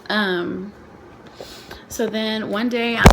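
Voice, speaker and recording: A woman's voice: mid-range voice, fairly even intonation, very slow, background noise. Young woman rambling through a story. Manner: rambling, emotional, heavy use of "like". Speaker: vlogger, nursing student. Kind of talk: casual storytelling vlog. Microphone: phone.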